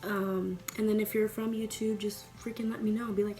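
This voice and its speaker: Doing her makeup at home, a young woman vlogger talks at a moderate pace in a medium-pitched, warm voice with a flat delivery. Her chat is casual, rambling and playful, peppered with plenty of profanity.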